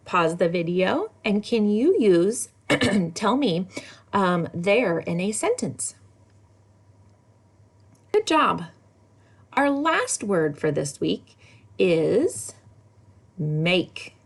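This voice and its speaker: A woman teaching a recorded lesson for kindergartners, spelling words slowly in a sing-song way. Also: lowish voice, gravelly, slightly rough. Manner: slow, sing-song spelling with lively ups and downs. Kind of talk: recorded lesson for young children.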